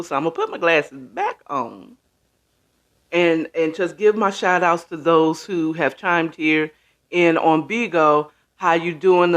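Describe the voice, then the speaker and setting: High-voiced slow-talking male host. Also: fairly bright tone. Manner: slow, easygoing, greets viewers by name. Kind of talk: casual live-stream chat. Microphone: camera setup with ring light.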